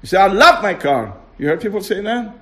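Guy w a high voice teaching a religious class, keeps asking the room questions, drags out key words. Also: big pitch swings, a little fast, fairly bright tone. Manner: keeps quizzing listeners with rhetorical questions.

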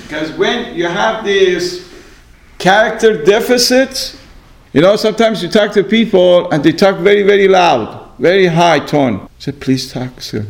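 A man teaching an informal religious class to a small group, talking in loose, repetitive phrases full of "you know" and sometimes dropping to a soft, low voice for asides. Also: expressive, unhurried, poor audio. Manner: repetitive, many "you know" fillers, acts out exchanges.

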